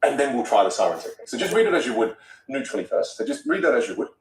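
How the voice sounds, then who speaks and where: A male voice coach chats quickly on a podcast with a lively, melodic delivery that leaps around in pitch. He often restarts phrases while thinking aloud. The mic sits some distance away in a roomy space with a faint hiss. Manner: expressive, musical delivery, repeats words when starting. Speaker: voice coach guest. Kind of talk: animated podcast conversation.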